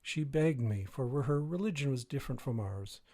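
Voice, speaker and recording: A man's voice: mid-range voice, animated, normal speed, a little mellow, voice pushed up, close to an everyday voice. A man voicing a doting, firm king in a read fairy tale, speaking in a declaring tone.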